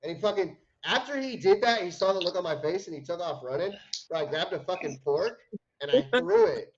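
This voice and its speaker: A man's voice: high voice, expressive, fairly quick, lo-fi sound, noisy background. A young man on a livestream, telling a rambling, profane story in casual chat. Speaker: stream co-host.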